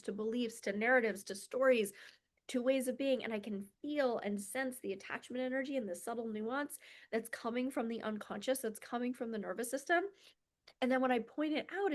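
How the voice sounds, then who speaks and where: A woman coach talking in a casual, reflective monologue. She sounds earnest and confessional and uses many filler words. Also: a little high. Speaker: spiritual self-development coach.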